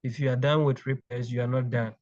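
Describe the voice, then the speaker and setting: Halting man from Ghana, muffled. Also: medium pitch, flat delivery, darkish tone, no echo. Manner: halting, repeats words while thinking. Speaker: clinical engineering manager, guest. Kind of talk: interview conversation.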